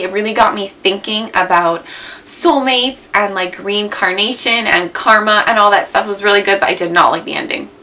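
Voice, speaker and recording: Recorded roughly on a camera mic with slight hiss or hum, this clip features a young woman in her twenties, a beauty vlogger, rambling through a casual tag video at home. She speaks at a medium pitch with a sharp tone, filling her chatter with "like" and "um."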